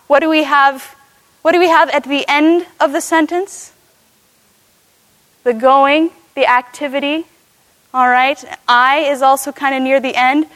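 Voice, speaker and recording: A woman giving an animated class talk to a live audience, often asking them questions. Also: sits high, no echo. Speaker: speaker teaching cross-cultural ministry.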